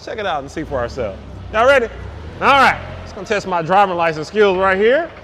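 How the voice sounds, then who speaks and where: A man shows off a forklift outdoors, hyped and exuberant, piling up repeated praise. His voice sits high and leaps all over the place. A faint wash of outdoor vehicle noise runs underneath. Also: very animated, brisk, pushed and bright. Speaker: forklift salesman demonstrating a lift. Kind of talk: enthusiastic product demo.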